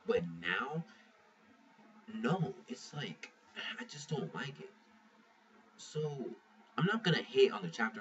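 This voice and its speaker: A man casually reviews a manga chapter, rambling, swearing freely, and restarting his sentences a lot. His voice is mid-range with a fairly bright tone. The lo-fi mic sounds muffled and distant, with faint hiss.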